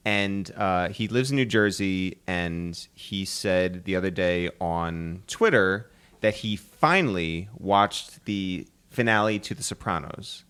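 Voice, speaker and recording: A man's voice: low voice, takes it slowly, fairly bright tone, smooth. A man hosting a podcast in casual chat, laughing often and making loose asides. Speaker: podcast host.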